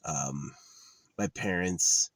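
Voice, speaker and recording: Low-voiced man in a bitter, halting monologue. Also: a bit bright, dry recording. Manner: halting, many restarts, bitter and blunt. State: tearful. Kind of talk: rambling personal monologue.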